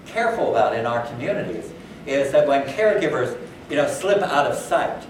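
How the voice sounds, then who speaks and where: A man talks to a conference crowd in a relaxed, conversational way, dropping fillers and voicing the people he quotes. His voice sits at a middle pitch and comes from some way off the mic. The hall rings with heavy echo, and a faint hum runs underneath. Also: normal speed. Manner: conversational, many fillers, acts out quoted dialogue. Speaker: conference speaker. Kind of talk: conference talk. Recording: echoey hall, far from the mic.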